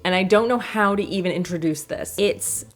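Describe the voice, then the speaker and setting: A woman's voice: on the low side, moderate pace, a little hiss or hum. A woman casually talking through products she uses at home in a chatty, rambling way, laughing often between thoughts. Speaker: lifestyle vlogger.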